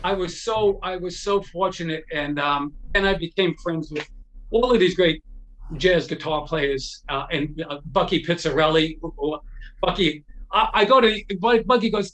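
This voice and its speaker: A man's voice: sits high, normal speed, poor audio. A man telling casual anecdotes as a guest, acting out the voices of people he quotes and often restarting his words. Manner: animated, acts out quoted dialogue. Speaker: guest storyteller.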